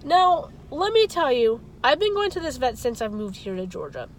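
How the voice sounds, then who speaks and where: A woman's voice: a little high, very animated, a little fast, poor audio. A woman vlogger telling a story in a casual, emotional and rambling way, often restarting her sentences. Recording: traffic and car noise behind. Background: car and street ambience.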